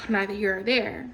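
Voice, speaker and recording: A woman ranting casually to camera, animated and profane, rambling with laughs along the way. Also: mid-range voice, slight background noise, rough recording. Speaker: storytime creator.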